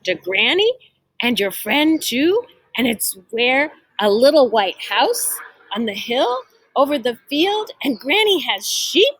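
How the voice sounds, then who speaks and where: A woman's voice: high-pitched, very animated, slow pace, breathy edge, dry recording, heavily acted, poor audio. A woman voicing a greedy, scheming male wolf in a storybook read-aloud, gleeful and savoring his plans.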